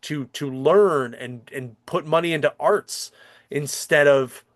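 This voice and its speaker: A man's voice: a little high, takes it slowly, no echo, studio quality. A man hosting a comics podcast, chatting casually in a rambling, profane way with lots of fillers and restarts. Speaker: podcast host. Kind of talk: casual chat.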